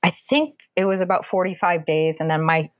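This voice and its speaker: A woman casually telling a personal story, animated and acting out the voices of the people in it. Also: a little fast, no echo. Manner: animated, acts out quoted voices with pitch jumps.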